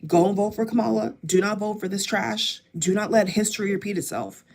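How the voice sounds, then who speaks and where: A woman's voice: medium pitch, brisk, vocal fry, a little mellow. A woman giving impassioned political commentary to camera, emphatic and repetitive, speaking straight to her viewers. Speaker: political vlogger.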